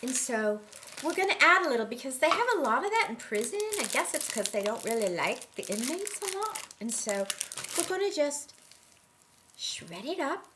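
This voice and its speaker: Woman doing a goofy fake cooking show, high voice that swoops all over, teasing. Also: sing-song, moderate pace, noisy background. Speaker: comic cooking demonstrator. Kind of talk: mock cooking show comedy.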